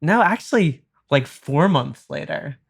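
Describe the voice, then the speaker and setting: A man's voice: on the high side, measured pace, gravelly, slightly rough. A male podcast host telling a story in casual chat, acting out quoted lines with lots of fillers. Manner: animated, acts out quotes, many fillers.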